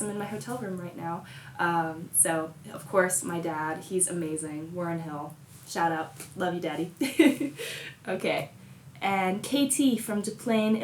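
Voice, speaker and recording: A woman's voice: mid-range voice, roomy sound, slight background noise. A young woman from Colorado, a musician, chatting casually and answering fan questions with bubbly giggles and plenty of fillers, talking from a hotel room. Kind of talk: casual chat.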